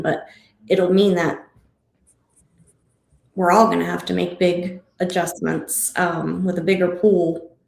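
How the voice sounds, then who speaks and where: Woman, low gravelly voice, flat delivery, roomy echo, thoughtful casual chat. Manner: thoughtful, asks open questions.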